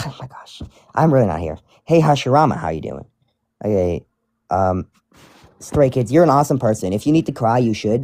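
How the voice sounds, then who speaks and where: A man talks casually as he reads fan mail aloud, rambling and often restarting mid-sentence. His pitch swings widely, his tone is warm and mellow, and the sound is close and dry. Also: no echo. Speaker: streamer reading fan mail. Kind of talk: casual chat.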